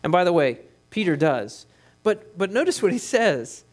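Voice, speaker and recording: A man with a slightly high-pitched voice delivers a sermon as pastor. He preaches emphatically, dropping in quick conversational asides to his listeners. He speaks into a headset mic. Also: very animated.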